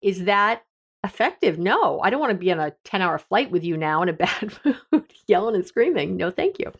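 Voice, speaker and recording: A middle-aged woman hosts an advice podcast as a therapist. She speaks candidly and conversationally, with a self-deprecating streak. Her voice sits at an ordinary, mid-range pitch. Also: big pitch swings, normal speed, breathy edge.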